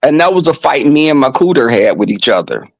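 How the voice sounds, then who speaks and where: A man's voice: medium pitch, very animated, brisk, dry recording, poor audio. A man vlogging, telling crude comedic stories to his viewers in a flamboyant, brash way with lots of swearing.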